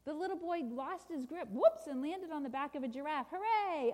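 Middle-aged female preacher, high-ish voice, animated story reading, long hall reverb. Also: moderate pace, few pauses. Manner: animated storytelling with sound effects. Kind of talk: sermon with a read-aloud children's story.

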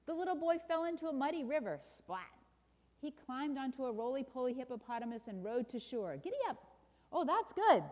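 Animated woman preaching in a reverberant hall. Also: sits high. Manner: animated storytelling with sound effects. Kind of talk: sermon with a read-aloud children's story.

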